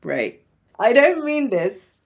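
A woman's voice: on the high side, sing-song, slow pace, creaky, muffled recording. A woman from Sri Lanka who works as a doctor, talking as a podcast guest in a chatty way, laughing often and using many fillers. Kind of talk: casual podcast conversation.

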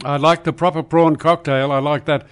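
Older talkback host, firm, reassuring, a little gruff. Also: male voice, on the high side, fairly even intonation, moderate pace. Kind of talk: talkback radio chat.

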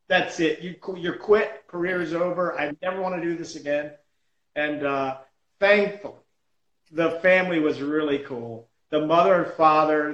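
A man telling a story about his juggling days in a lively, self-deprecating way. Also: a little high, reverberant, muffled recording. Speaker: juggler and comedy performer. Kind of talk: casual storytelling chat.

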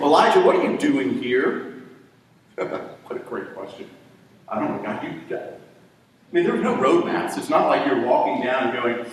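A male pastor preaching a sermon, swelling to loud emphasis and dropping to hushed tones. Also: mid-range voice. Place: church sanctuary. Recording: echoey hall from far off.

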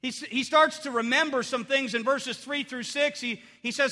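A man's voice: very high voice, fairly even intonation, normal speed, few pauses, bright, forceful tone. A middle-aged man preaching a sermon as pastor, earnest and conversational, often restarting his phrases. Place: church sanctuary. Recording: long hall reverb.

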